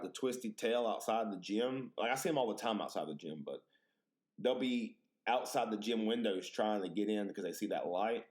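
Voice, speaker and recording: Male podcast host, lower voice, animated, swears freely, exaggerates for laughs. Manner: animated, profane, exaggerated storytelling. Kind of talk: casual storytelling chat.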